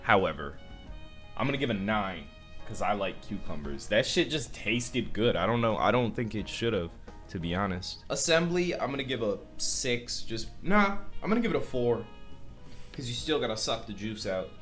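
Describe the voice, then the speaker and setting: Low-voiced young man, lively joking host. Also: moderate pace, soft background music. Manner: joking, loose, profane. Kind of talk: casual reaction commentary.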